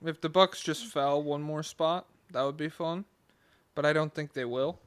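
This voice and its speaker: A laid-back man chatting basketball on a podcast, rambling through his points and swearing casually. His voice sits a bit higher than most men's. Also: fairly even intonation, moderate pace, clear, resonant tone. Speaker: podcast co-host. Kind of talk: casual sports chat.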